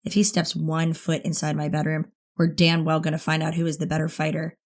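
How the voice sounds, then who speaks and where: A woman narrating a first-person teen thriller audiobook in an expressive, intimate way. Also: deep voice, fairly quick.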